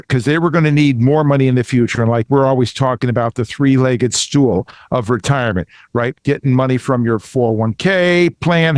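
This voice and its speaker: A man's voice: medium pitch, dry recording, clean studio sound. A middle-aged man co-hosting a finance podcast, explaining earnestly and often restarting his phrases. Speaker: podcast co-host, financial advisor. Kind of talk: casual explanatory talk.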